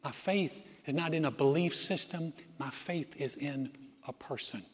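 A male pastor preaching a sermon in a church auditorium, telling stories earnestly and dropping to soft, quiet phrases. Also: a little high, slightly rough. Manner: earnest storytelling with dramatic pauses, softening to near-whisper. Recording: reverberant hall with music behind.

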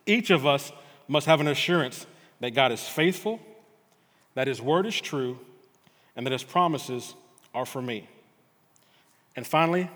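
In a church sanctuary with long hall reverb, a middle-aged male pastor speaks in a fairly high, slightly bright voice. His sermon recounts a personal story earnestly, broken up by frequent stammered restarts.

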